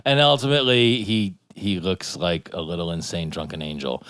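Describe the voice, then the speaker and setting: A man's voice: deep voice, moderate pace, a bit bright, clean tone, dry recording, studio quality. A man co-hosting a podcast, musing and asking the others questions about a cartoon episode. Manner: musing, asks the group questions. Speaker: podcast co-host.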